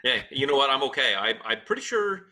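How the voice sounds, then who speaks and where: A man's voice: mid-range voice, very animated, brisk, sharp tone. A man co-hosting a podcast in casual chat, with wry, playful banter and frequent stammering restarts. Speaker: podcast co-host.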